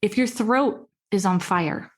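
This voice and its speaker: A woman speaking as a guest on a podcast, chatting in an animated, playful way with laughs and fillers. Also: mid-range voice, slow. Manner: animated and playful, laughs, jumps into quoted voices. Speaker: podcast guest, healthy eating advocate. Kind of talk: casual interview chat.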